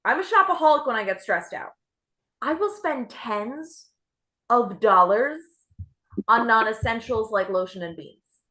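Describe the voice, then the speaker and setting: A young adult woman doing a stand-up set with a self-deprecating, deadpan delivery. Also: a little high, unhurried, pauses often. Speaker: stand-up comedian.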